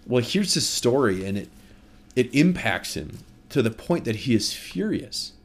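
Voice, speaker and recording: A man's voice: medium pitch, big pitch swings, measured pace. A man preaching a conversational sermon, retelling a story and speaking directly to his listeners.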